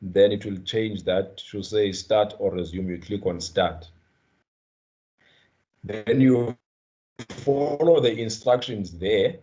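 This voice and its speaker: South African man, lowish mellow voice, online class trainer, repeats words, dull lo-fi call audio. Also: takes it slowly, pauses often. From Eastern Cape, South Africa. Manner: repeats words, checks in with students. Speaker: guest trainer. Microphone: video call.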